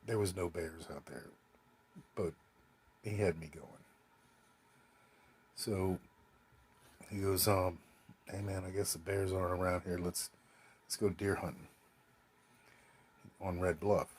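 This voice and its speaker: Husky man, deep voice, rambling spoken anecdote, swears, quotes others. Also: fairly even intonation, takes it slowly, pauses often. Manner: rambling, swearing, quoting others in his own voice. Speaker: storyteller.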